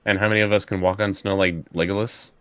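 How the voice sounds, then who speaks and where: Very deep, bright-toned man with dry quips. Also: little pitch movement, fast talker, no room sound. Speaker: player. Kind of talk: casual tabletop play.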